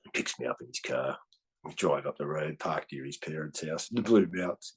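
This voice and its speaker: A man in his fifties with an Australian accent, swearing freely and tagging his lines with "right?" as he tells animated stories in a casual chat. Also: extremely low pitch, brisk, breathy edge. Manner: animated storyteller. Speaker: guest comedian.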